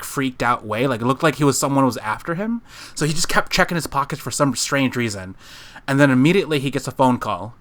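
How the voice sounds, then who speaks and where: A man's voice: mid-range voice, a bit bright. Rambling man telling a story. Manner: rambling storyteller, many fillers and restarts. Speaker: podcast co-host. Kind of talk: casual chat. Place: living room.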